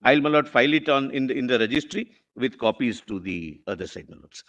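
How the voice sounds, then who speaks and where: A man's voice: mid-range voice, expressive, brisk, fairly bright tone, highs cut off. A man with an Indian English accent making formal submissions to a court as a government lawyer, repeating deferential forms of address.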